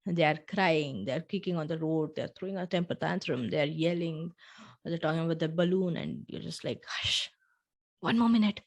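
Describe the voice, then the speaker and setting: A woman's voice: sits low, fairly quick, darkish tone. Earnest woman talking to podcast listeners. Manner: earnest, talks straight to the listener, acts out little dialogues. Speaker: podcast host. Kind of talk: solo podcast storytelling.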